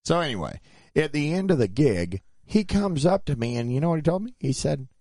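A man from a touring band telling a road story in casual chat, getting animated when he quotes arguments. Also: fairly high pitch, brisk, no room sound, studio quality. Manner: animated, rises sharply when quoting arguments.

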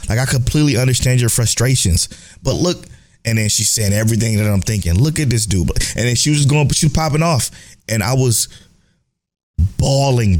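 A young man with a low-pitched voice co-hosts a casual podcast. He talks in an animated, loose way, laughing and swearing freely. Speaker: podcast co-host. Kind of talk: casual chat.

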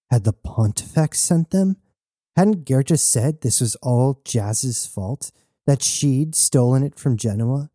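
A man reading a novel aloud as narrator in a steady storytelling manner. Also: medium pitch, slow pace, no echo, clean studio sound. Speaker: audiobook narrator. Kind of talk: scripted narration.

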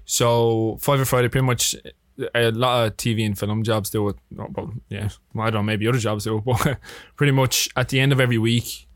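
An Irish man, a filmmaker guest, telling animated, sweary stories in a casual podcast chat. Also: medium pitch, fairly quick, hardly any pauses, no echo, clean studio sound. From Ireland.

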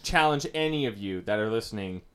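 A man on a podcast, throwing in fast, teasing side remarks in casual chat. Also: on the low side, animated, fairly bright tone, clear, resonant tone. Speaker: podcast co-host.

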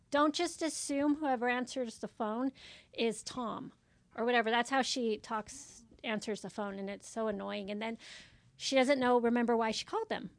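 A woman's voice: a little high, moderate pace, no echo. A woman chatting casually and venting about a coworker at her medical office, acting out conversations as she tells them. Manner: animated storytelling, acts out quoted voices.

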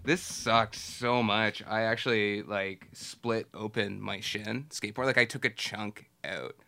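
A man's voice: lowish voice, a little slow, gravelly. A man in his thirties co-hosting a podcast, telling a story casually with lots of "like". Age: 30s. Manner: relaxed, filler-heavy, laughs through stories. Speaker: podcast co-host.

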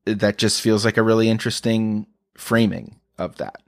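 A man's voice: fairly low pitch, fairly even intonation, normal speed, no room sound, clean studio sound. A man hosting a casual podcast conversation, talking in an earnest, searching way and swearing casually.

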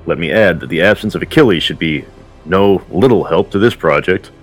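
A bold, commanding warrior prince speaks in a very deep, formal register, as a man reads him aloud. His declamatory lines roll out evenly over faint background music. It is a storytelling voice, not a theatrical one. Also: a little fast. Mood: resolute.

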